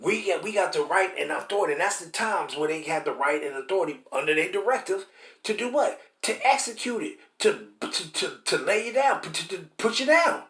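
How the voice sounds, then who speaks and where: A man preaches with insistent repetition, often stopping to restart a phrase. His voice sits high for a man. The recording has a roomy echo. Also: expressive, a little fast, fairly bright tone. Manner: emphatic and repetitive, keeps asking "See?"; stammers and restarts while hunting for words. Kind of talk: street-style scripture teaching.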